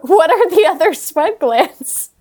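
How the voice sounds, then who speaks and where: A woman's voice: very high voice, animated, slow pace, a little mellow. A woman doing improv comedy on a podcast, playing an earnest, dramatic friend who turns tearful. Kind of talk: improv comedy role-play.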